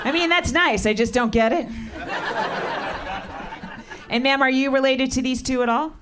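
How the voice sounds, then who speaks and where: Middle-aged woman, stand-up comic, deadpan, profane, slightly high voice, live club crowd laughing. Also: normal speed, noisy background. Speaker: stand-up comedian. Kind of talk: stand-up comedy with crowd work. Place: comedy club stage. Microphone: handheld stage mic. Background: laughing audience.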